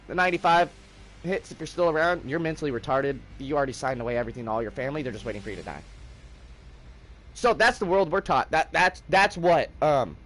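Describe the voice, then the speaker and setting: A man's voice: a little high, fairly bright tone. A young man hosting a gaming livestream, ranting in a heated, profane, casual way.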